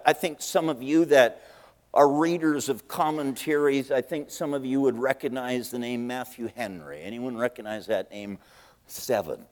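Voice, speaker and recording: A man preaching a sermon, telling a story in a folksy, animated way and acting out the scenes. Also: medium pitch. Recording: long reverb in a big hall.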